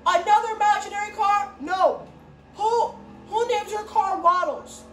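A woman improvising a toy play, voicing several characters and switching voices, with bursts of shouting. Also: very high voice, a little slow, soft background music. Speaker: home video creator. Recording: echoey room with faint background noise.

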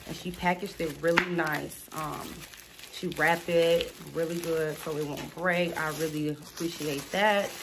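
A woman, chatting casually and excitedly as she unboxes gifts at home, calling out to viewers. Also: low voice, a little slow, noisy background. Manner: excited, gushing, addresses viewers as y'all. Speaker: small business unboxing vlogger.

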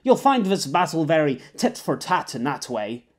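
A man's voice: fairly high pitch, big pitch swings, moderate pace. A man voicing a smug, money-minded male captain who speaks with a plastered-on pleasant politeness in an audiobook. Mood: confident. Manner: smarmy, falsely pleasant. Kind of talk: audiobook character voice.

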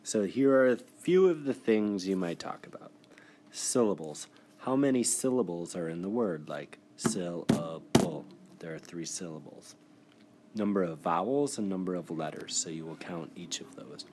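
A man's voice: deep voice, animated, normal speed, darkish tone, slight background noise. A man recording a screencast spelling lesson, explaining the steps in an encouraging, patient way. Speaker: teacher. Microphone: device mic for screen recording.

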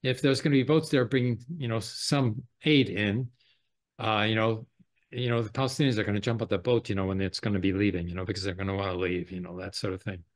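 A man's voice: fairly low pitch, steady tone, fast. A man in casual political chat who rambles and leans heavily on "you know".

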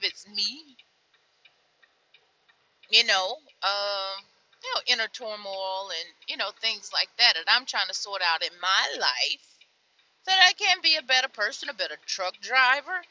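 Fed-up woman trucker venting, lively voice. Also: measured pace, highs cut off. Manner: frustrated, weary, swings from low mutters to loud outbursts. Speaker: truck driver vlogger. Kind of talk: venting vlog from the truck cab. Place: inside a truck cab.

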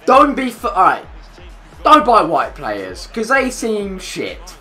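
A young man commentating his own football video game, hoarse from shouting, loud and excitable, swearing constantly and yelling at the players. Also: very high-pitched, unhurried, soft background music. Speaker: gamer and channel host. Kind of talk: let's play commentary.

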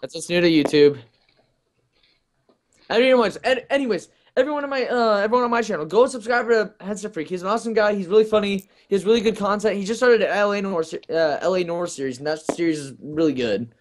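A man chats with a friend while they play a game online, his voice a touch higher than most men's. He rambles, trails into asides and fills pauses with ums and okays. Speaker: gaming YouTuber. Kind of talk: casual gameplay chat.

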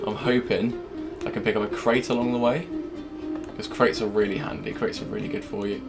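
A young man giving live gameplay commentary, swearing constantly and swinging from low muttering to loud yelling. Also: flat delivery, a little fast. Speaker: gamer. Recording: game music playing under the voice.

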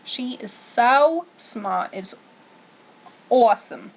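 A woman's voice: fairly high pitch, animated, very slow, full character voice. A woman playing a gossipy lady who gushes over her friend and echoes her words, in a comedy sketch. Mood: gushing. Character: gushing gossipy woman who agrees with everything. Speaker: co-host of a comedy talk sketch. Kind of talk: comedic improvised chat sketch.

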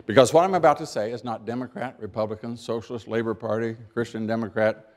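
An older American man delivers a keynote speech in a folksy, storytelling way, acting out small everyday scenes. He leans on pauses for emphasis and often repeats or restarts words as he builds his point. His voice sits at an ordinary middle pitch. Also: fairly even intonation. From United States. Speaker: keynote speaker.

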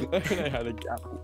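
Teasing man joking through a game. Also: mid-range voice. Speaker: guest co-player. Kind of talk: casual gaming banter.

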